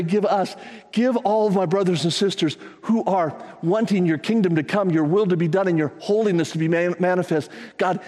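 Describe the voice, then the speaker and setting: A man with a slightly raised, husky voice, preaching to his congregation. He talks conversationally and breaks into animated retellings of scripture stories. His voice rings out with the long reverb of a large hall. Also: a little high. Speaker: pastor. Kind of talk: sermon.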